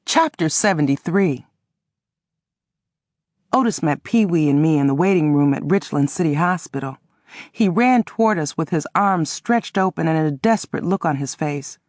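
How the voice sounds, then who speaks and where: Low-voiced woman narrating an audiobook. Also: moderate pace, dry recording, studio quality. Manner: expressive, dramatic reading. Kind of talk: first-person audiobook narration.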